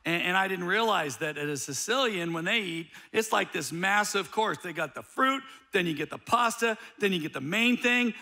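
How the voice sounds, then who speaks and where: A middle-aged man preaching a sermon as a pastor, telling a story with animated humor. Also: high voice.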